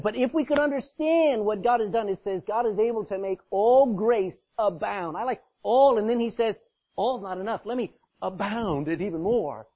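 A man preaching a sermon as pastor, animated, swinging from loud emphasis to quiet asides and laughing often. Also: high voice, slightly rough. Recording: dull lo-fi recording.

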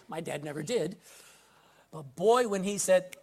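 A man's voice: high voice, animated, normal speed, vocal fry. A man preaching a sermon from the pulpit, reading scripture aloud and putting direct questions to the congregation. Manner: emphatic, swings between loud scripture reading and quiet asides. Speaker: pastor. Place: church pulpit.

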